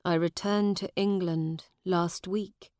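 A woman voicing a kind adult soldier who speaks gently and plainly. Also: fairly low pitch, fairly even intonation, slow, no room sound, studio quality. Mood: gentle.

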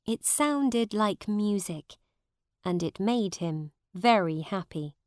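Woman reading a storybook very slowly. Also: mid-range voice, no echo, clean studio sound. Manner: very slow, simple and deliberate. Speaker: narrator. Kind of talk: scripted audiobook narration.

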